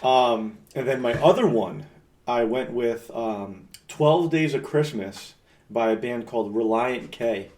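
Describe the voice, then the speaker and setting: A man's voice: medium pitch, a little slow, a little mellow. A male podcast co-host with a mid-range voice talking about holiday songs he enjoys. He sounds enthusiastic and chatty, often repeating a word as he starts a sentence. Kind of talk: casual chat about music.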